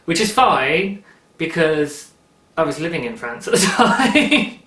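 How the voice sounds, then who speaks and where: A man in his thirties hosting a knitting podcast, talking quickly and excitedly, with frequent laughs. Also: fairly high pitch. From United Kingdom. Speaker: podcast host. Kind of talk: casual knitting podcast chat. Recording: roomy, echoey room.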